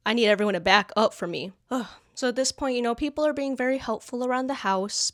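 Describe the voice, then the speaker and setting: A woman's voice: fairly high pitch, quick pace, few pauses, a bit bright, no echo, studio quality. A young woman telling a storytime monologue to camera, blunt, sarcastic and exasperated. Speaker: vlogger.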